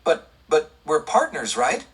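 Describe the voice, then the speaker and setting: A man's voice: fairly high pitch, huge pitch swings, measured pace, a bit bright, slightly rough, distant mic, soft background music, full character voice. Man voicing a stammering nervous young outlaw.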